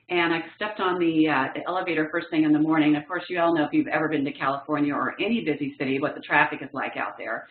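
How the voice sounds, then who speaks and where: Low-voiced woman trainer, phone-like echo. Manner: lively storyteller acting out quotes. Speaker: professional development trainer. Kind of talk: training talk with personal stories. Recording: tinny phone-like sound in an echoey room.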